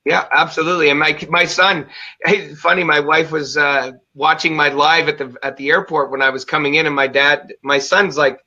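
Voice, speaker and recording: A man hosting an interview, talking in an emphatic, fired-up and energetic way. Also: a little high, normal speed. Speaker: show host. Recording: dull lo-fi sound.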